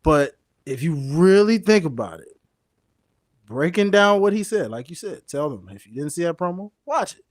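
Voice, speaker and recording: A man co-hosting a casual wrestling podcast, speaking emphatically with drawn-out stresses. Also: fairly high pitch, big pitch swings, no echo, clean studio sound. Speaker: podcast co-host.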